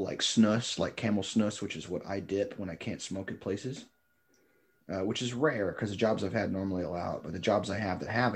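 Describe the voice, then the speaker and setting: A young man in casual chat, telling a rambling work story full of fillers and imitating his coworkers. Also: low-pitched.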